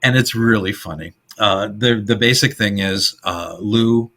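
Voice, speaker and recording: A middle-aged man co-hosting a podcast, retelling old comedy film scenes in a casual, animated way. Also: on the low side, measured pace. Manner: animated retelling, acts out quoted lines in funny voices. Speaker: podcast co-host.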